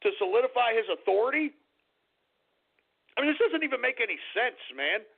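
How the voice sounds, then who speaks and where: A man's voice: very high voice, animated, brisk, gravelly, husky. A man hosting a political talk radio show, ranting in a blunt, profane, scornful way. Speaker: radio host. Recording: phone-like lo-fi radio.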